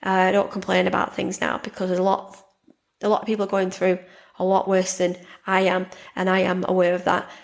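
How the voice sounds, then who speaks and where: A woman hosting a podcast, talking casually and warmly about her own life, often repeating words and restarting sentences. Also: mid-range voice, vocal fry. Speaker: podcast host and life coach. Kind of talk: casual monologue.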